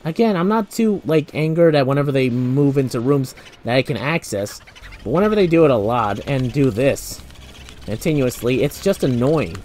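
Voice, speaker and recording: A man's voice: medium pitch, animated, moderate pace, darkish tone, slight background noise. A young man casually commentating a video game, rambling and joking with lots of fillers. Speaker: gameplay commentator. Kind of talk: casual let's play commentary.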